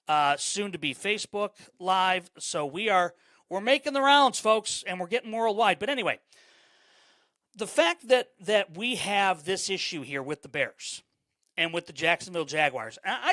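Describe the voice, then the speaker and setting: On a live-streamed sports podcast, a male host with a high, sharp voice rambles along, full of fillers and repeated words. Mid-thought, he greets chat viewers by name. The recording has no room sound.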